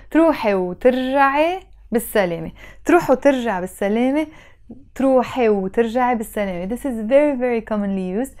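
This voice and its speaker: A woman's voice: fairly high pitch, animated, racing, darkish tone. A young woman with a Lebanese Arabic accent, patiently explaining and repeating phrases in a language lesson. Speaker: language teacher.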